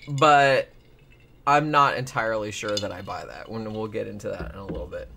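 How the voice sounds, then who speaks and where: Give me a man hosting a casual podcast, chatty and rambling, with a bright tone. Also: medium pitch. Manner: rambling, lots of "like" and restarts. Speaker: podcast host. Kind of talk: casual true-crime podcast chat.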